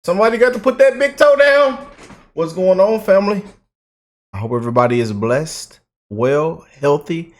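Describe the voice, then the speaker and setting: A man hosting his own channel, reacting to news clips in a hyped, casual way, with loud exclamations and catchphrases, greeting viewers as family. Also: mid-range voice.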